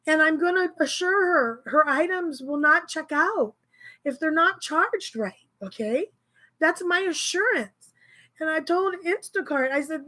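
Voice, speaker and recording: A woman grocery shopper telling a story in a casual, animated, exasperated way. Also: sits high, a little slow.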